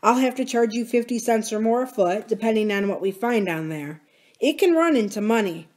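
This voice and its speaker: A woman reading the part of a thoughtful older farmer, in a musing, gently philosophical manner. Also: high voice, fairly quick, voice pushed up, natural voice.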